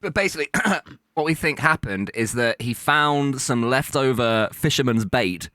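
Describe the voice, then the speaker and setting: A man's voice: mid-range voice, lively intonation, normal speed, bright, forceful tone, dry recording. A young man co-hosting a casual podcast, chatty and jokey as he tells his stories. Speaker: podcast co-host. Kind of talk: casual chat.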